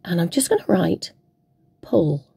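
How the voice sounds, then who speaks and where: A woman's voice: fairly low pitch, expressive, unhurried, creaky, dark tone, husky, no room sound. Playful, chatty woman crafting. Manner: chatty, playful, talks to herself while working. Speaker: craft tutorial host. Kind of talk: casual crafting demonstration.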